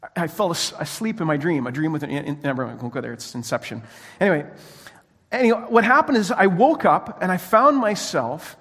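A male pastor delivers a sermon in an animated storytelling way, often restarting his sentences. His voice sits high and has a husky edge. The sound carries a long reverb, as if recorded in a church hall. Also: a little fast.

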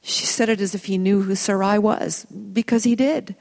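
A woman teaching a Bible study, retelling the story in an expressive, reflective way. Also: mid-range voice, moderate pace, vocal fry.

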